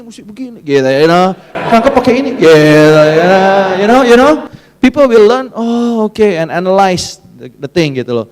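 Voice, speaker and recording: A male pastor with a high-pitched voice delivers his sermon like a relaxed personal story. He talks in a chatty way, laughs easily and often, and drops fillers and tag words into his English.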